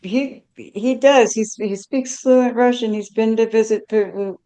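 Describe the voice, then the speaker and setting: A woman co-hosting a political livestream, talking earnestly with many halting repeats. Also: a little high, fairly even intonation, dark tone. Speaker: livestream co-host. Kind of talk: casual political chat.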